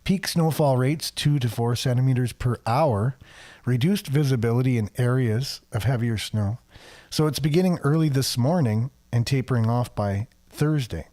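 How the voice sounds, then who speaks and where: A man's voice: medium pitch, moderate pace, warm tone. A man hosting a local radio show, reading a weather forecast with chatty, sarcastic asides and frequent fillers.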